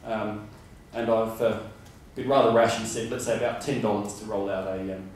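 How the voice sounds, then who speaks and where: Picked up at a distance in a roomy conference hall, this Australian presenter rambles through his talk with many fillers and false starts. He speaks at a moderate pace in a lowish, flat, slightly mellow voice over faint background noise.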